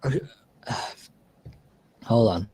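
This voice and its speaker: A man's voice: medium pitch, lively intonation, drawn-out words, mellow, slightly rough, low-quality recording. A man streaming casually, telling a long story with lots of fillers and restarts. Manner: rambling storyteller with many fillers. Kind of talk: casual live-stream chat.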